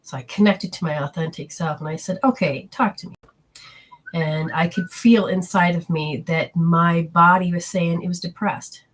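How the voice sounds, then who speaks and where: Husky-voiced woman teaching healing. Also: fairly low pitch, fairly even intonation, moderate pace, hardly any pauses. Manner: earnest, acts out inner voices in quotes. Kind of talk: teaching talk with personal stories.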